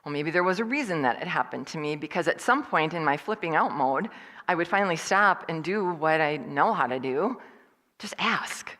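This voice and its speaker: Low-voiced woman telling a story in a hall. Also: moderate pace. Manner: lively storyteller who acts out other people's lines. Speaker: guest speaker at a church service. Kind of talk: personal storytelling talk. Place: church hall.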